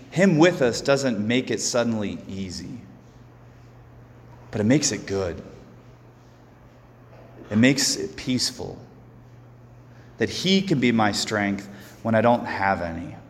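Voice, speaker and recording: A man who is a Catholic priest giving a sermon, earnest and slow, often repeating words as he goes. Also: fairly low pitch, animated, big-room sound, a little hiss or hum.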